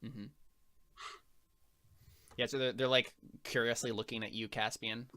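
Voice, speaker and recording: Bright-voiced young man running a game. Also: mid-range voice, fairly even intonation, measured pace. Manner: rambling, full of fillers and laughs. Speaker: game master. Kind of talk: casual game narration.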